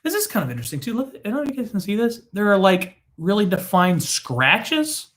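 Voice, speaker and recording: A man's voice: high voice, wildly swooping pitch, brisk, a bit bright. Joking man hosting a drinks tasting. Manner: playful, joking, mock-frail grumbling. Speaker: drinks show host. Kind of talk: casual tasting chat.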